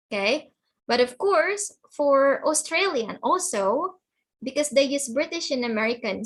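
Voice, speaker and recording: Woman teacher on a video call, patient, repeats herself, slow delivery, slightly high voice. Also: fairly bright tone, slightly rough, low-quality recording. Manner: patient, repeats and checks understanding. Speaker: online English teacher. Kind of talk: slow explanatory teaching to children.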